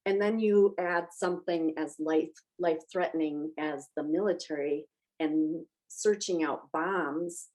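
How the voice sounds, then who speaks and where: A woman's voice: low-pitched, unhurried, darkish tone, poor audio. A woman joining a casual movie podcast chat, speaking earnestly and reflectively.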